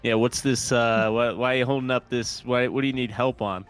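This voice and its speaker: A man's voice: medium pitch, steady tone, a little fast, fairly bright tone, smooth, soft background music. A man playing a tabletop game, speaking in character with incredulous questions and frequent stammers. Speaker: player.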